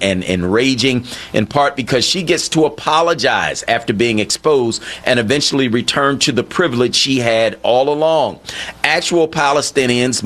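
A man hosting a talk radio show, conversational and animated, rising in pitch when indignant. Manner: conversational with frequent "you know what I mean". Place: radio studio.

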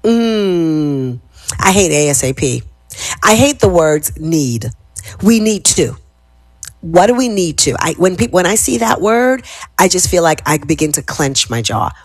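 A low-pitched, husky woman hosts a wellness session and guides listeners through calm affirmations. She speaks slowly and softly, and lets phrases trail into whispers. The recording is dry and close. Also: no room sound. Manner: slow, measured, soothing delivery that drops to whispers. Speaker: wellness host.

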